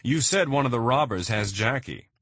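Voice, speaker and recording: A man voicing a brash, pushy rich man in an audiobook, loud and demanding. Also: mid-range voice, animated, moderate pace, dry recording, studio quality, pitched above the performer's own voice. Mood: taunting.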